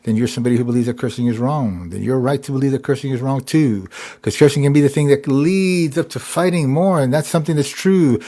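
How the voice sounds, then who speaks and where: A livestream host with a mid-range, dark-toned voice talks fast in a rambling, repetitive monologue. He keeps circling back to "it's true."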